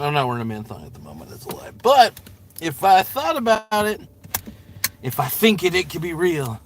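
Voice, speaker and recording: A man's voice: fairly high pitch, wildly swooping pitch, moderate pace, slight background noise. A man rambling and joking crudely with lots of swearing while he vlogs live from inside his car, talking to a camera mounted in the car. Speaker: vlogger. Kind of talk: casual live-stream vlog while driving.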